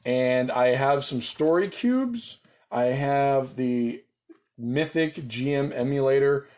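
An American man talking casually through a solo tabletop game, excited, joking and swearing freely. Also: medium pitch, takes it slowly. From United States.

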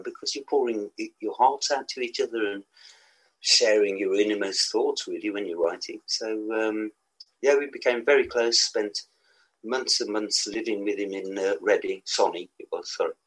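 A man's voice: on the low side, normal speed, fairly bright tone, breathy edge, rough recording. A man in his sixties with a West Midlands accent, a musician guest telling rambling stories with laughs and restarts. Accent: West Midlands English. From England. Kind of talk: casual storytelling.

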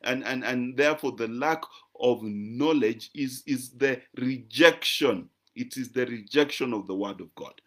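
A man's voice: mid-range voice, measured pace, few pauses, a bit bright. A man, preaching a teaching sermon in an emphatic, conversational way and often checking in with "right?". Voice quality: croaky voice. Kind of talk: teaching sermon to a live-stream audience.

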